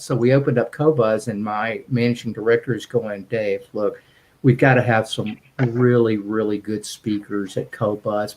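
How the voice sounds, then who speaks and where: A man's voice: medium pitch, poor audio. A man telling a rambling, enthusiastic story as a guest on a video call, with frequent restarts. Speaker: guest, music streaming executive.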